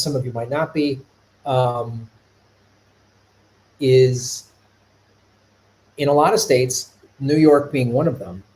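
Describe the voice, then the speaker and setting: On a live stream, a middle-aged podcast host from Chicago speaks in a mid-range voice, casual and animated, wandering off and restarting again and again. The audio is poor.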